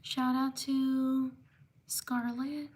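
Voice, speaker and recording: A woman hosting a livestream, slowly reading out shout-outs to viewers one after another and quickly apologizing for mispronouncing names. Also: high-pitched. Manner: slow, steady listing of names with quick apologies. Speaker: livestream host. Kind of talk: live stream shout-outs.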